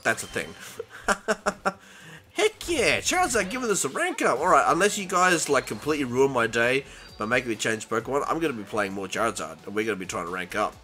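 A young man hosting a gaming channel, excitedly commentating his own gameplay, talking to the characters on screen and laughing along. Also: mid-range voice. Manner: excitable, yelps and laughs while playing, talks to the game. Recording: game music behind.

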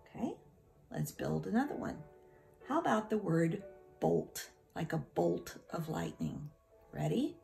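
A woman teacher leads a phonics lesson for young children, sounding out each word part with slow, unhurried care. Her voice sits low, mellow and noticeably gravelly. Now and then she slips into a whisper. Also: sing-song, soft background music.

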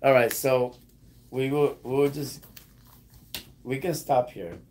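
A man teaching a beginner one-on-one in a casual lesson, patiently repeating words slowly. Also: mid-range voice, a little mellow. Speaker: Arabic teacher.

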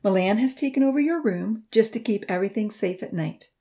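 A woman's voice: mid-range voice, animated, brisk, lightly acted. A woman voicing a proud, cheerful young woman in a storybook reading, speaking with a smile. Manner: smiling, warm.

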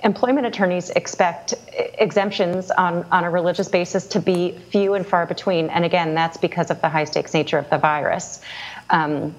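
Lower-voiced woman in a dull lo-fi clip. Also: level tone, moderate pace. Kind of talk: explanatory news clip.

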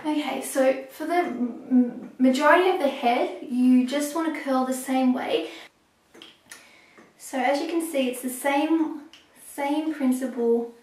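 A young woman talking through a hair tutorial step by step, a little hoarse as she is losing her voice. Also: sits high, a little mellow, far from the mic. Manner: chatty, explaining step by step with pauses. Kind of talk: casual how-to talk while working. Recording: echoey room, voice off-mic.

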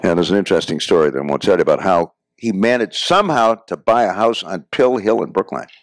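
A man's voice: low-pitched, lively intonation, quick pace, no room sound. An older American man telling personal anecdotes to a class, often addressing the audience as folks. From United States. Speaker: guest speaker. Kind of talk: storytelling lecture. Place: classroom or lecture hall.

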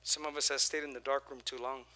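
Bright, energetic male pastor preaching. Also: medium pitch, fast talker. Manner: energetic preaching with repeated phrases and call-and-response. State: voice prone to hoarseness. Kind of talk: sermon.

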